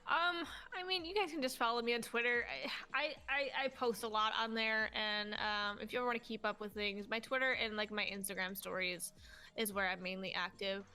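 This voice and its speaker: Bubbly young woman with a bright voice. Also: a little high, steady tone, brisk, smooth. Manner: bubbly, swears casually. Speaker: podcast guest. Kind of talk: casual chat.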